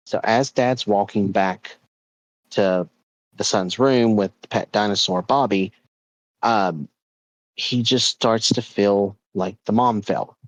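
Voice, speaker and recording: A man's voice: fairly low pitch, low-quality recording. A man hosting a podcast, telling a ghost story in a loose, rambling way with lots of restarts. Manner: rambling, with many repeats and fillers. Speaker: podcast host.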